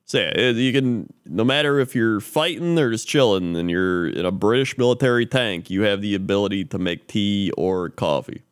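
A podcast co-host with a fairly low, clean-toned voice speaks at a normal speed and barely pauses. He reads mock sports and news segments in a loose, jokey way, laughing a lot and stumbling over the news items.

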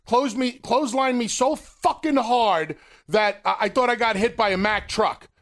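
A man, co-host and former wrestler, telling a story in casual podcast chat, animated and swearing freely. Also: very high-pitched, moderate pace.

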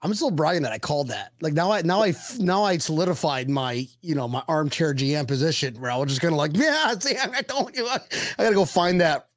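A man hosting a casual online show, excitable and full of boastful banter. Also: on the high side, fast talker, few pauses, dry recording, studio quality. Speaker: host. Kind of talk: casual chat. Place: Miami area.

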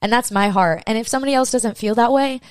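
A woman's voice: fairly high pitch, fast, clear, resonant tone, no echo, clean studio sound. A young woman hosting a podcast, telling a personal story while crying, emotional and swearing freely, acting out her own inner voices. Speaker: podcast host. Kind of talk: personal confessional monologue.

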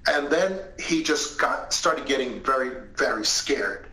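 Animated storyteller man, echoey room. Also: medium pitch, a little slow. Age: middle-aged. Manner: animated retelling with lively acted quotes. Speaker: guest, retired investigator. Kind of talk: storytelling in an interview. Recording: roomy echoing sound.

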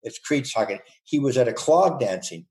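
A man's voice: mid-range voice, lively intonation, normal speed, a little mellow. An older man, a guest in a casual podcast interview, telling playful, rambling stories and laughing often. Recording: roomy echo.

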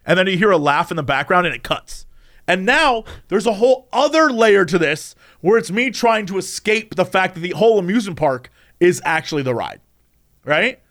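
Animated high-voiced man telling a story. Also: normal speed. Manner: animated, acts out quoted voices, laughs often. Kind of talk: casual storytelling chat.

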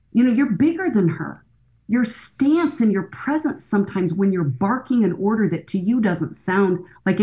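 A woman's voice: mid-range voice, rough recording. A woman guest on a podcast interview telling stories with energy and acting out the voices of the people in them. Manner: lively storytelling, acting out quoted voices. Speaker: guest expert on fathers and daughters.

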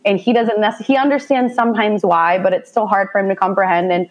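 A woman's voice: medium pitch, brisk, highs cut off. Woman, 30s, from Indiana, guest in an interview, earnest and emotional, livens up when acting out her own thoughts. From Indiana, USA. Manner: heartfelt, animated when quoting herself. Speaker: guest, mother of a child with special needs. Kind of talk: emotional personal storytelling in conversation.

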